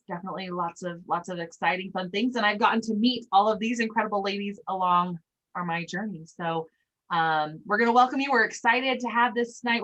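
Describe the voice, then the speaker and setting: A woman from Utah opening a casual group training call as a panelist, chatty and relaxed with many fillers. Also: medium pitch, poor audio. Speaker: panelist and host.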